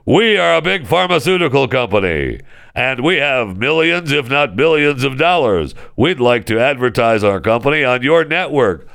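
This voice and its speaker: A man playing a polite, self-assured salesman from a drug company who is pitching an ad deal. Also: very animated, moderate pace, creaky, a bit bright, clear, resonant tone, no room sound, clean studio sound.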